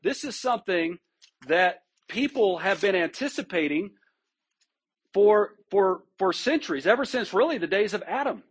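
A man's voice: high voice, animated, moderate pace, husky. A man preaching a sermon, talking in a conversational and emphatic way, often restarting phrases and checking in with his listeners. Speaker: pastor. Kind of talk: expository sermon.

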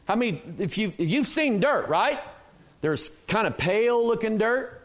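A man with a high-pitched voice preaching in a church. He fires questions at the congregation and answers them himself, with strong emphasis. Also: animated, moderate pace. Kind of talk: sermon.

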